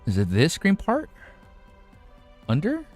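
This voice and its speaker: A young man streaming live, reacting excitedly with lots of swearing and laughing at himself. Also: on the high side, slow pace, soft background music. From United States.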